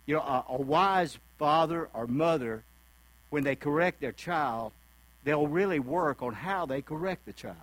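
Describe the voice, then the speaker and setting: A man's voice: on the high side, a little slow, a bit bright, no room sound, rough recording. Folksy preacher man, dry sound with hum. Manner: folksy and conversational, acts out quoted voices. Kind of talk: sermon.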